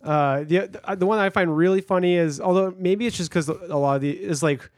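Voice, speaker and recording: A man's voice: high-pitched, brisk, dry recording. Laid-back man, close dry mic. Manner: laid-back, hesitant, trails off with fillers. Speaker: podcast co-host. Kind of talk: casual chat.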